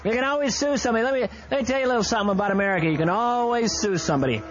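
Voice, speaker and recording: Male talk radio host, high voice, riffs a comic ad with loud bursts; dull broadcast tone. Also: rapid-fire. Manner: rambling, mock-ranting, bursts of loud excitement. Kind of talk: improvised comic live-read radio ad. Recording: slightly dull AM radio broadcast with faint hiss.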